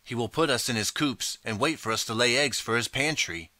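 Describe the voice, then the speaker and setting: A man's voice: medium pitch, a little fast, dry recording. A man voicing a bitter old male slave who speaks sharply in an audiobook story. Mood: grim. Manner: frowning, sharp replies.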